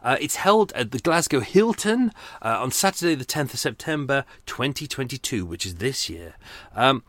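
A true crime podcaster hosts his own show solo, speaking in a medium-pitched, slightly bright voice with big pitch swings at normal speed. He chats loosely, full of fillers, casual swearing and self-deprecating asides, and seems worn down by the heat; there's no room sound.

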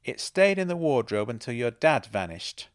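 A man's voice: medium pitch, sing-song, normal speed, close to an everyday voice. A man voicing a playful, self-assured woman who teases and mocks. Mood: knowing. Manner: teasing, knowing, laughs at others.

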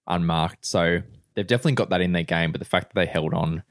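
A man's voice: low voice, fast talker, no room sound, studio quality. A man co-hosting a casual football podcast, laid-back and laughing often. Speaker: podcast co-host.

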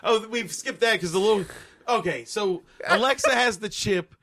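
A man co-hosting a casual movie podcast, excitable and swearing, laughing often as he recaps scenes. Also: sits high, normal speed. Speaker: podcast co-host. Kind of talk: casual chat reviewing a movie.

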